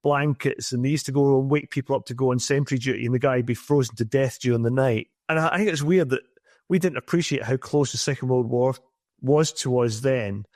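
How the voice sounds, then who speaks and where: A man's voice: mid-range voice, fairly quick, darkish tone, dry recording, clean studio sound. A British man hosting a podcast, sharing his own memories of military exercises in a reflective, chatty way. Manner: reflective, reminiscing. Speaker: podcast host. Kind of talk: casual chat.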